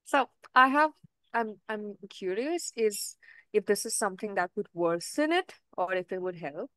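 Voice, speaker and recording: A woman's voice: mid-range voice, expressive, a little slow, bright, forceful tone, no echo. A woman interviewing a guest, asking careful questions and backing him up with frequent agreement sounds. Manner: attentive, frequent "mm-hmm" backchannels.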